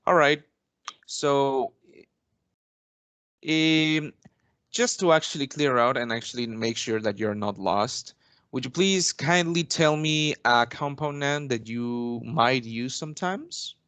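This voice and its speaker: A young man from Mexico, a native Spanish speaker, speaks slowly and smoothly as the teacher in an English lesson role-play, his average-pitched voice a bit bright. He's formal and polite, with plenty of "actually" and restarts. The recording is dry and close, with almost no reverb.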